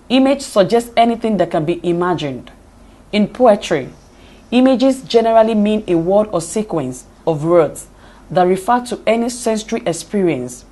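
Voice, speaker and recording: A woman delivers a lecture at a very slow, unhurried pace, reading steadily from her notes. Her pitch sits in a middle range for a woman. She spells out each example with care. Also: dark tone. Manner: reads notes aloud deliberately, spelling out examples. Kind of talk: slow read-aloud lecture on poetry.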